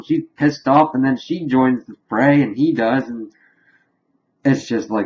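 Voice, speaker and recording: A man giving a casual, rambling spoiler recap of a TV episode, animated and chuckling as he retells scenes. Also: mid-range voice, measured pace, lo-fi sound. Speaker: TV episode reviewer.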